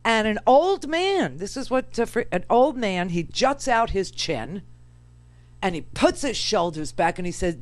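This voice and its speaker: A woman from New York hosting political talk radio, sarcastic and animated, full of rambling asides. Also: mid-range voice, unhurried, no echo.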